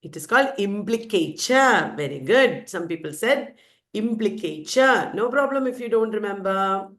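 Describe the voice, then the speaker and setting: A woman's voice: mid-range voice, animated, normal speed, fairly bright tone. A woman teacher with an Indian English accent, quizzing her students and repeating the answers emphatically. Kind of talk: lecture with questions to students.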